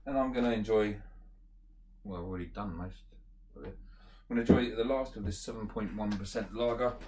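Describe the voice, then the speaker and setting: A man giving a casual beer review, talking in a relaxed, rambling way and thinking aloud with fillers as he tastes. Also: lowish voice, a little fast. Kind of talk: casual beer tasting chat.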